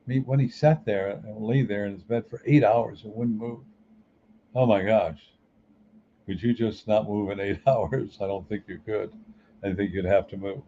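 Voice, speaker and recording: A man's voice: lowish voice, fairly even intonation, normal speed, dark tone, slight background noise. A man giving a conversational motivational talk as a spiritual teacher and coach, asking many rhetorical questions. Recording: muffled lo-fi recording.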